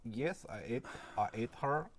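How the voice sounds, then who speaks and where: A man playing a tabletop game, speaking in a halting, deadpan way and dropping small words. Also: medium pitch, a little hiss or hum. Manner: halting, deadpan, drops articles. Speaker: player. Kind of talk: in-character tabletop role-play.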